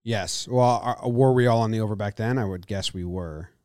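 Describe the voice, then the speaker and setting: A man's voice: lowish voice, moderate pace, a little mellow, no echo. Dry-voiced man joking about baseball. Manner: joking, breaks into goofy voices. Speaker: podcast co-host. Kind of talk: casual sports chat.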